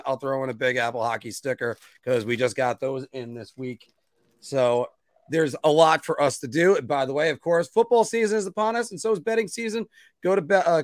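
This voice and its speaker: A man's voice: on the high side, no room sound, studio quality. A man hosting a casual sports podcast, chatty and promotional with frequent fillers. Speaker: podcast host.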